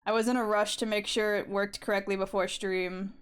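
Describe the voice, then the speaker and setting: A woman's voice: medium pitch, flat delivery, a little fast, clean tone. A young woman streaming while she draws, chatting in a rambling, giggly way and swearing casually. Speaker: art streamer.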